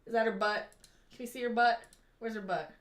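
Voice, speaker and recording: A woman's voice: fairly high pitch, steady tone, brisk, reverberant. A woman co-hosting a livestream in casual chat, crude and teasing, with an occasional cough. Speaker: livestream co-host.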